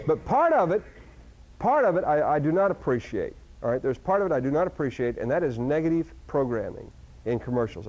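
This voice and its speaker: A man giving a live seminar talk to an audience, animated, with sudden loud outbursts and frequent restarts. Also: on the high side. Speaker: seminar speaker. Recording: dull lo-fi recording.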